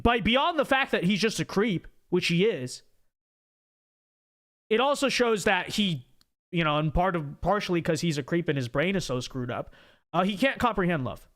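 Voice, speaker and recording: Young male livestream host, pitched a bit high, rambling and repetitive commentary style. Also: a bit bright. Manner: rambling, repeats words while thinking aloud; reads viewer super chats aloud.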